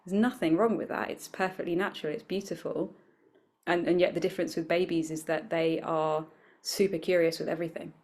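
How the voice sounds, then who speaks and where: A wellbeing coach appears as a guest in a conversational interview, sounding reflective and animated as she acts out little quoted voices. Her voice is on the low side and she talks briskly.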